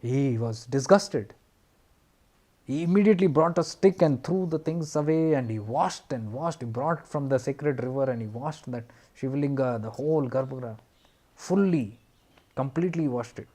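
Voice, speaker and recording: Male spiritual teacher, mid-pitched, earnest, unhurried storyteller who leans on repetition. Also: mellow.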